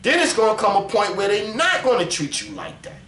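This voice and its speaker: A man preaches straight to the camera, animated and profane. He slows right down to read scripture aloud. The room rings with a roomy echo over a faint hum of ambience. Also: high voice. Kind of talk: casual religious vlog monologue.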